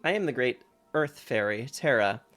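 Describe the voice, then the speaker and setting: A man putting on a grand old fairy spirit from a video game, playful and dramatic as she boasts of her power. The voice sits at an ordinary middle pitch, with faint game music underneath. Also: expressive, normal speed, fairly bright tone, lightly acted. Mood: theatrical. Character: grand ancient female fairy spirit, theatrical. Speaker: streamer reading game dialogue.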